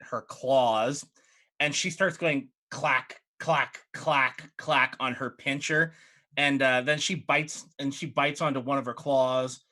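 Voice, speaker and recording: A man narrating a tabletop game as game master, in an animated storytelling manner. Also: medium pitch, slow pace.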